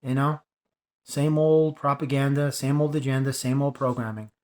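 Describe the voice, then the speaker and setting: A man's voice: mid-range voice, flat delivery, normal speed, a little mellow. A man delivering an impassioned spiritual monologue, preachy and emphatic, driving points home by repeating phrases. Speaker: spiritual video creator.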